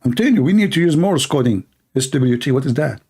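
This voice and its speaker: A man's voice: mid-range voice, animated, quick pace, mellow, breathy edge. A man giving mocking live-stream commentary while reading viewer comments aloud, sarcastic and teasing. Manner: sarcastic, teasing, laughs at his own jokes.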